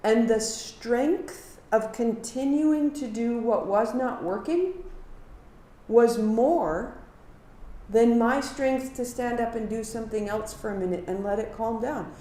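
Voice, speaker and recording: A woman's voice: fairly high pitch, slow. Woman guiding yoga in an echoey room. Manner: calm guiding cues, then earnest personal reflection. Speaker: kundalini yoga teacher. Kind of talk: live yoga class instruction.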